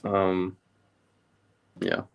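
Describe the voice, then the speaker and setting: A young man from the UK chatting casually on a study live stream, rambling with many pauses and fillers. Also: low voice, gravelly, slight background noise. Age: young adult. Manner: relaxed, rambling, many ums.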